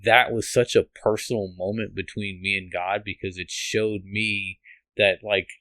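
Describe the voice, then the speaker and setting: A man from the United States tells his faith story as a podcast guest, earnest and rambling, circling back and restarting his sentences. His voice sits a little low, and the sound is close and dry with no room echo. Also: fairly even intonation, moderate pace, pushed and bright. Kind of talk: emotional testimony.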